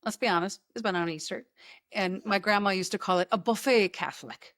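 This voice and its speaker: A woman's voice: medium pitch, brisk, a bit bright, dry recording, clean studio sound. A woman hosting a podcast, telling rambling, joking stories in casual chat. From United States. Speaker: podcast host.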